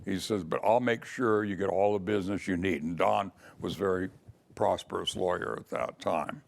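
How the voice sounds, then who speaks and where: A man's voice: sits low, moderate pace, vocal fry. An older man recalling his early years as a lawyer in a casual, storytelling way. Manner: storytelling, acts out quoted voices. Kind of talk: casual spoken memoir.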